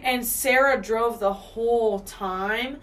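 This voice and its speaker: A woman's voice: fairly high pitch, slow pace, fairly bright tone, far from the mic. A woman in her twenties co-hosting a podcast, telling stories in a laid-back, sweary way. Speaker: podcast co-host. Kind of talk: casual chat.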